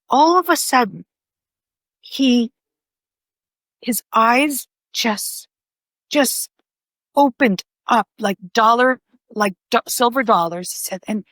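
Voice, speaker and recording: An older woman, an author, telling personal stories in a conversation with animated expression. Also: on the high side, dry recording. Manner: animated, vividly acts out voices in her stories. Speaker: author and podcast guest.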